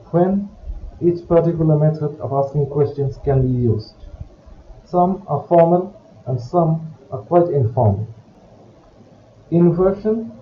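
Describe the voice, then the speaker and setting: A man with a slightly high voice explains French grammar step by step, in a careful teaching manner. The sound is dull, with a roomy echo and faint background hiss. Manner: slow, careful, explanatory delivery. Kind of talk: recorded grammar lesson.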